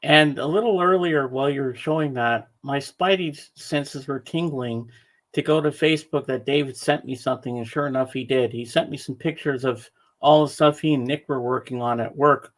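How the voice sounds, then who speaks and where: A man's voice: mid-range voice, normal speed. Easygoing man in casual chat. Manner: easygoing, chatty. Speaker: co-host.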